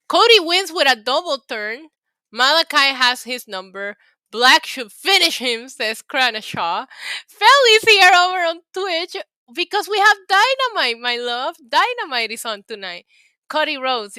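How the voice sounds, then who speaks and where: A woman's voice: fairly high pitch, pushed and bright, clean tone, no echo. A woman from New York City hosting a casual livestream, chatting, laughing often and reading the chat aloud. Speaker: livestream host.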